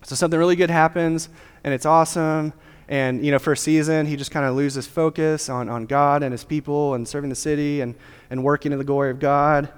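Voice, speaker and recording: A man's voice: fairly high pitch, clear, resonant tone. Casual preacher man in a reverberant hall. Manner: casual, joking, conversational preaching. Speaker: pastor. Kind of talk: sermon.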